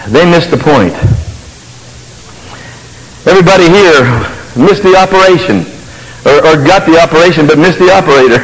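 A man preaching a folksy, emphatic sermon that swings between loud and quiet. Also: high voice, animated, normal speed, in a large hall, low-quality recording.

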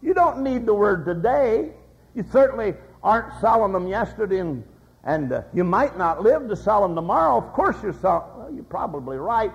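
An older man preaches in a folksy, story-telling way, his voice pitched high with a gravelly edge. The recording is dull and lo-fi. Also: very animated, normal speed. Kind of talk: sermon.

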